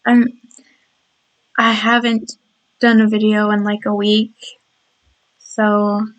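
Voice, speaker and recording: A tired woman with a slightly croaky, scratchy voice, chatting casually over a video of her game build and rambling with lots of restarts. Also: medium pitch, level tone, takes it slowly. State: tired and yawning.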